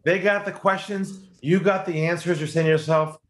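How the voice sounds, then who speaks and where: A man telling a sales story in conversation, lively and animated, acting out the other voices he quotes. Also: moderate pace. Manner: lively, acts out quoted voices, rises in pitch when excited.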